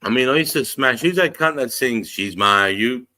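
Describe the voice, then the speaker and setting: A man's voice: medium pitch, animated, moderate pace, sharp tone. A middle-aged Australian man hosting a casual livestream, greeting viewers in a laid-back, sweary way. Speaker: livestream host.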